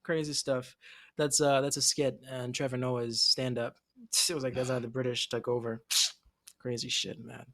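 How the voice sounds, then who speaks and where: A man in a casual anime discussion, lively and quick to laugh. He jumps into the characters' voices as he retells scenes, then drops back into his easy chatting tone. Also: mid-range voice. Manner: animated, laughs often, acts out characters' lines. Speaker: podcast co-host.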